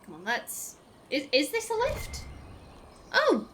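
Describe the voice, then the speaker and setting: A woman's voice: sits high, wildly swooping pitch, takes it slowly, a bit bright, a little hiss or hum. A woman giving casual, chatty gameplay commentary as a let's play host, politely apologizing to game characters.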